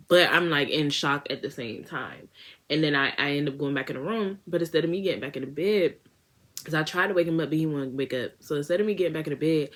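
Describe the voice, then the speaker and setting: Low-voiced young woman telling a story. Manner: animated casual storytelling with slang. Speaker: beauty vlogger. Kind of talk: storytime vlog.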